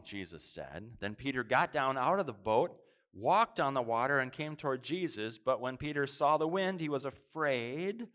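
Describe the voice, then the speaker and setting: A male preacher in the middle of a sermon, reading scripture and stretching key words out slowly for weight. His pitch moves a lot, lifting and falling through each passage. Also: sing-song, a bit bright.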